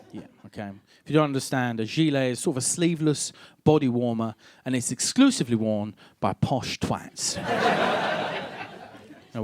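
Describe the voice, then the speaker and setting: A young Scottish man doing a stand-up comedy set on a club stage, sardonic and punchy. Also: medium pitch.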